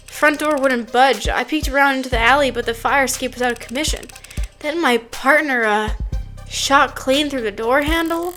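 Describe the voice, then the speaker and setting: A plain, slightly dull young patrolman with a southern drawl, telling his story slowly and hesitantly, as a woman puts him on. The voice sits high for a man. It comes from a game read aloud on a stream. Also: fairly bright tone. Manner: slow storytelling testimony, hesitant.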